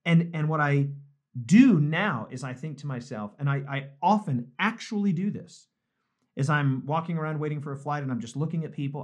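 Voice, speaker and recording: A man's voice: on the high side, expressive, a little fast. A man, a pastor, talking earnestly and reflectively in a live devotional discussion, often repeating phrases for emphasis. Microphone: streamed live online.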